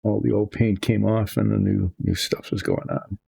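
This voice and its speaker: Older man with a very gravelly low voice. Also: flat delivery, normal speed, warm tone. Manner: rambling, chatty, with trailing asides. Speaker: hobby model painter. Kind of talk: casual narration while working.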